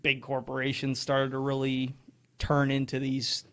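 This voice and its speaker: A man hosting a casual podcast chat, talking quickly and mockingly acting out the people he quotes. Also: mid-range voice. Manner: quick, animated, mocking voices when quoting people. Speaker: podcast host.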